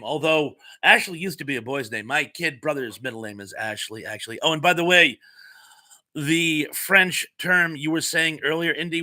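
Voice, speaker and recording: A man hosting a casual live chat stream, reading viewer comments aloud at his desk mic. His voice is bright and forward, and his talk rambles with fillers, quick asides and easy chuckles. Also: a little high. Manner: chatty, rambling, reads comments aloud with frequent fillers and laughs.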